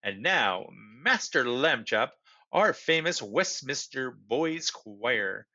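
A stately old queen speaks slowly and formally, as a man reading a storybook puts her on. The voice is lowered and measured. The recording is dull and lo-fi. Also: very animated, pushed and bright, full character voice. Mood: regal.

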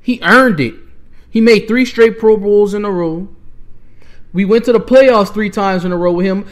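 A man's voice: sits high, normal speed. A young man, hosting a podcast and ranting with heated exasperation as a sports fan. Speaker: podcast host. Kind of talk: fan rant.

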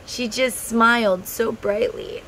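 A woman's voice: a little high, steady tone, slow pace, fairly bright tone, slight background noise, low-quality recording. A woman in her thirties talking to her viewers in a heartfelt, rambling way, close to tears. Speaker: tarot content creator. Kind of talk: casual monologue to camera.

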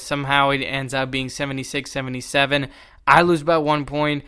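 A young man hosting a solo podcast, telling stories in an animated, exasperated way. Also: mid-range voice, brisk, clear, resonant tone. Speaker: podcast host.

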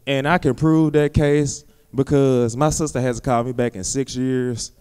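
A man's voice: mid-range voice, fairly even intonation, normal speed, darkish tone, big-room sound, slight background noise. A man performing a rambling stand-up comedy set on a theater stage, with a loose, filler-heavy delivery. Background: audience laughter.

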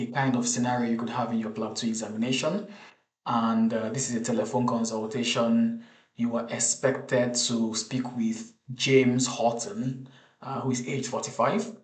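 A man teaching an exam case over slides, in a measured, explanatory way with frequent restarts. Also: mid-range voice, darkish tone. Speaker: medical exam tutor. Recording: roomy echo.

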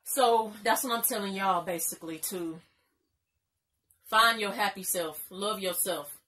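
This young woman's voice is mid-range, bright and forceful, at a measured pace. Addressing the camera as a vlogger, she gives emphatic, casual advice, going over her points again with informal slang, occasionally crying or on the verge of tears.

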